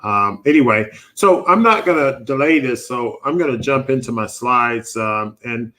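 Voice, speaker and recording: A middle-aged man hosts a live medical panel from a studio, walking through his slides. His voice sits at an ordinary middle pitch, and he talks in a loose, conversational way, leaning on fillers as he goes. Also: normal speed. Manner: relaxed, filler-heavy, conversational. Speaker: physician hosting a live panel show. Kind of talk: live online presentation with slides.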